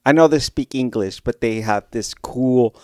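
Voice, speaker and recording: A man's voice: medium pitch, normal speed, a little mellow, no echo, clean studio sound. A man co-hosting a podcast in casual chat, playful and goofy. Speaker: podcast co-host.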